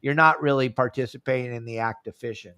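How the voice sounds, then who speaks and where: A man's voice: medium pitch, fairly even intonation, quick pace, bright, forceful tone, smooth. A man hosting a fishing podcast over a video call, talking casually and acting out phone calls with members in a raised voice. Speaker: fishing show host.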